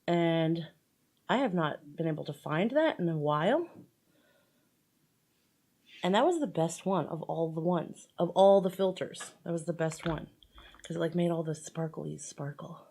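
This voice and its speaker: A woman's voice: fairly low pitch, animated, measured pace, long pauses, warm tone. A woman chatting casually through a makeup tutorial, rambling with lots of fillers and playful asides. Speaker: makeup vlogger.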